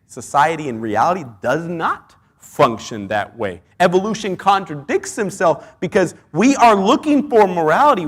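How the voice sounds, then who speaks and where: Male pastor, high voice, earnest sermon delivery with lots of rhetorical questions. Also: a bit bright.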